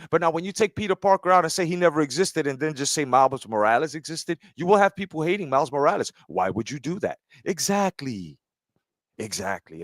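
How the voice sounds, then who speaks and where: A man's voice: medium pitch, no room sound, clean studio sound. A man giving a heated, profane commentary rant, often asking "right?". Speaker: commentary streamer. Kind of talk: ranting commentary.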